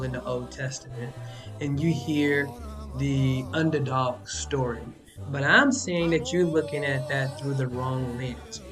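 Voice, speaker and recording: A man hosting his own podcast who teaches Bible lessons in an emphatic, colloquial preaching style full of rhetorical questions. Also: mid-range voice. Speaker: coach giving Bible lessons, show host.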